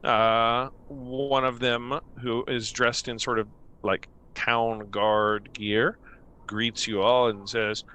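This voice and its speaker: A man's voice: medium pitch, flat delivery, takes it slowly, pushed and bright, smooth. A man narrating a tabletop game as game master, meandering with many fillers.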